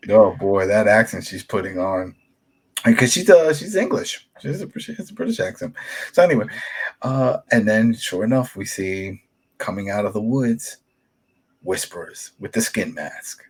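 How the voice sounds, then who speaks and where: A man's voice: lowish voice, animated, moderate pace, husky, poor audio. A man co-hosting a podcast, casually recapping a TV episode in a rambling way. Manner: rambling, retells scenes with acted-out quotes. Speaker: podcast co-host.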